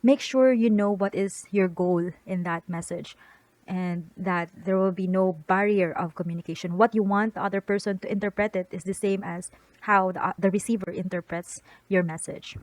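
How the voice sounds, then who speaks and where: A woman's voice: mid-range voice, steady tone, moderate pace, darkish tone, poor audio. A woman teaching an online lecture, explaining step by step with tag questions and frequent restarts.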